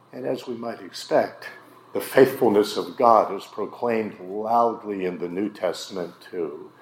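Pastor guy preaching real slow and emphatic, big pauses, echoey room. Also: on the low side, slight background noise. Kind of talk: sermon.

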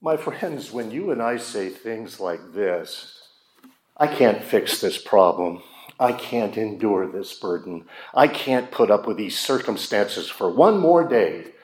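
A man's voice: lowish voice, expressive, slow pace. A man preaching a sermon, speaking emphatically and asking his listeners rhetorical questions. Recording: roomy echo.

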